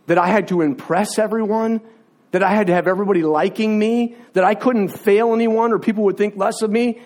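A man preaching a sermon in an impassioned, confessional way, building through repeated phrases. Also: sits high.

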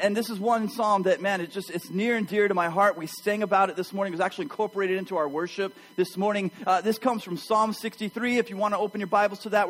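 A man preaching a sermon to his church, telling a personal story with animated energy and addressing the congregation directly. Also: high-pitched, poor audio. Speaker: pastor.

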